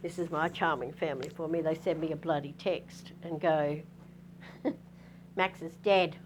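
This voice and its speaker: A woman's voice: low voice, fairly even intonation, normal speed, background noise. A middle-aged Australian woman tells a personal story to her audience in a candid, rambling way, full of asides and restarts. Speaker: spiritual teacher.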